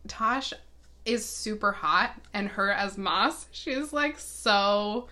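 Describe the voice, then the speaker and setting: Bright-voiced woman in casual chat. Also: medium pitch, takes it slowly. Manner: laughs often, chatty and self-deprecating. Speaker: podcast co-host.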